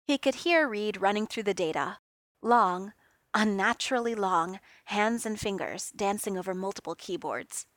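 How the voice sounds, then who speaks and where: A woman reading a fan fiction story aloud in an expressive, lively way. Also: mid-range voice, normal speed, dry recording, clean studio sound. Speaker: reader.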